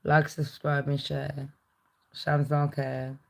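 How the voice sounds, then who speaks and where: A woman rambles through a live gossip stream at an unhurried pace. Her voice has a gravelly, fried edge. She is blunt and swears constantly. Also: low-pitched, monotone.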